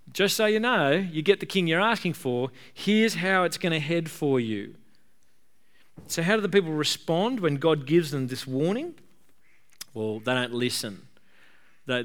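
Guy preaching a casual sermon, repeats himself for emphasis, lots of ums. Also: medium pitch. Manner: conversational preaching, emphatic repetition, frequent fillers. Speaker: pastor.

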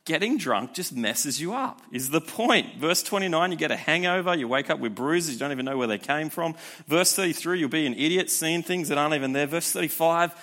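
A young youth pastor delivers a sermon in a conversational, energetic style, his slightly high voice full of frequent rhetorical asides.

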